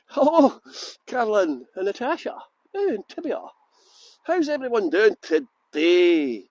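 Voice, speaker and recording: Scottish guy doing a live tour stream outside, high bouncy voice, chatty and joking around. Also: very animated, slow pace, darkish tone, no room sound. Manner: jokey, greets viewers by name, self-mocking banter. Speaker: tour guide. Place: outdoors in a botanical garden.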